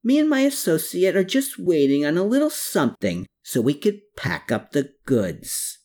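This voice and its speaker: A man's voice: fairly high pitch, wildly swooping pitch, moderate pace, a little mellow, voice pushed up. A narrator voicing a cheerful, roguish male dealer in an audiobook, jovial and theatrical. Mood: jovial, boastful. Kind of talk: audiobook character voice.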